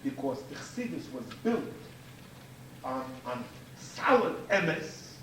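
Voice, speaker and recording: Male rabbi, high and lively delivery, emphatic repeater; distant mic, roomy echo, faint hiss. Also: takes it slowly. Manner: emphatic, repeats key phrases, animated. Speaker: rabbi giving a lecture. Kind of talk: Torah lecture to an audience.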